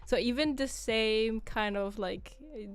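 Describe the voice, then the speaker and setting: A woman's voice: fairly high pitch, unhurried. Chatty woman host. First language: Italian. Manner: relaxed, chatty, laughs often. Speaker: host and language teacher. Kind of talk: casual live-stream chat.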